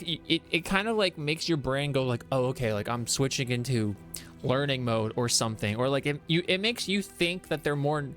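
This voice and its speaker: A man's voice: a little high, a bit bright. A man streaming a game, chatting casually, explaining lore at length with many fillers and reading out viewer messages. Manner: reads chat aloud and greets viewers. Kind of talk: casual live-stream chat.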